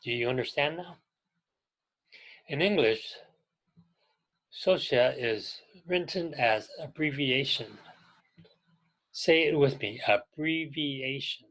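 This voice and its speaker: A man teaching an English grammar class to adult learners, explaining slowly and clearly and pausing so students can repeat after him. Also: mid-range voice, fairly bright tone, low-quality recording. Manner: patient, deliberate, pauses for learners to repeat. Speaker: ESL teacher.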